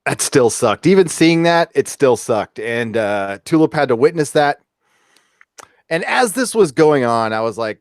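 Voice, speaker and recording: A man's voice: medium pitch, sing-song, unhurried, dry recording, clean studio sound. A man co-hosting a casual review chat, giving blunt opinions and addressing his audience directly. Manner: opinionated, talks straight to the audience. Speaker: podcast co-host.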